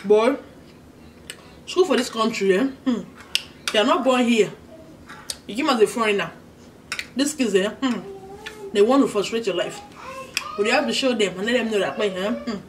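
With a slightly high voice and a Nigerian English accent, the Nigerian host of this channel chats through a story during a casual mukbang, pausing to eat and hum with pleasure over her food. The recording comes from a slightly distant mic with faint background noise.

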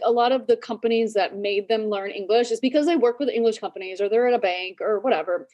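A woman in her forties hosts a casual podcast chat, her voice sitting a little higher than most. She tells stories with energy, throwing in quick asides and laughing often. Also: darkish tone. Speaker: podcast host.

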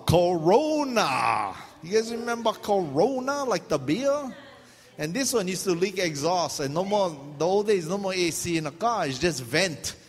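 A middle-aged man from Hawaii with a Pidgin-tinged accent, telling funny stories in a sermon as a pastor. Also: high-pitched. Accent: Hawaiian Pidgin-tinged English. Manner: animated, humorous, laughs mid-story. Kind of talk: storytelling sermon. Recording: long hall reverb, faint background noise.

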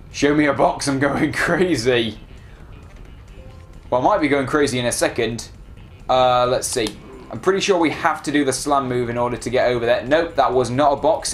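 A man giving casual, excitable commentary while playing a video game and talking back to it. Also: mid-range voice. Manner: chatty, excitable, self-deprecating, talks to the game. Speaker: let's play gamer.

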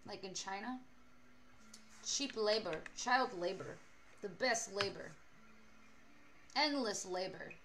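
A woman's voice: medium pitch, animated, slow, long pauses, a bit bright, a little hiss or hum. A young adult woman streaming a game, chatting playfully, teasing and swearing a lot. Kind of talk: casual gaming stream chat.

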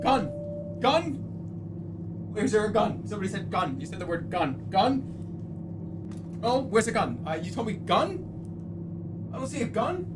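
Excitable man streaming a game. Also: high-pitched, a little slow, pauses often, noisy background. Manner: animated, excitable, jokey, often shouting. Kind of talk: live gameplay commentary.

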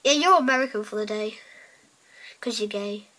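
A woman's voice: mid-range voice, normal speed, bright, forceful tone, low-quality recording. A woman chatting casually while playing a game, giggly and teasing, rambling on. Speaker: gamer.

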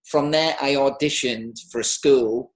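A man in his forties with a Teesside accent, telling a personal story as an interview guest in a halting, emotional way with many restarts. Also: mid-range voice, echoey room. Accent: Teesside English. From North East England. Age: 40s.

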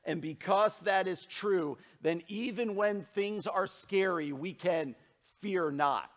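Earnest high-voiced male pastor preaching. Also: slow. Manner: earnest, emphatic preaching, dropping low and soft for scripture. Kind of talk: sermon.

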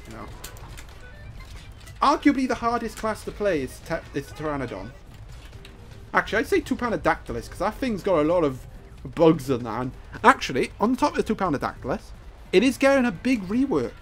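A medium-pitched gameplay commentator jokes excitably while playing, breaking into playful sing-song asides.

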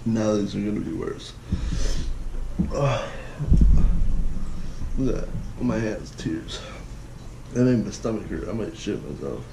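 In an echoey room full of loud background noise, a man works through a taste-challenge vlog, chatting casually and letting out exclamations and groans at each item. He speaks unhurriedly in a gravelly, low voice and pauses often.

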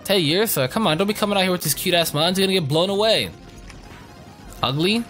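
A young man giving casual, profane commentary over his gameplay, joking, rambling and reacting loudly to what happens on screen. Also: sits high, expressive, fairly quick. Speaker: let's play gamer. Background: faint game music.

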